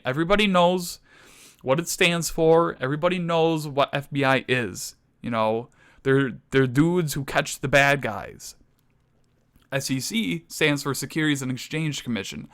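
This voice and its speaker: Speaking in a mid-range voice, a young man plays it mock-serious in a comedy lecture, ranting with inflated outrage that rises close to shouting.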